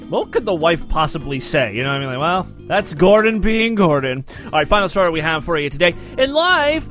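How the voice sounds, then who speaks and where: A man's voice: fairly high pitch, fairly bright tone. A man hosting a show, reading odd news stories aloud with sarcastic jokes, stumbling over foreign names. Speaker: podcast host.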